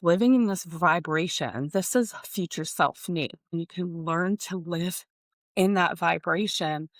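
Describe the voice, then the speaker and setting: Effusive middle-aged woman, low voice. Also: a bit bright, dry recording, clean studio sound. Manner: emotional, effusive, addresses listeners as "you guys"; rambling with many "like" fillers and restarts. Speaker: podcast host. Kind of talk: casual personal monologue.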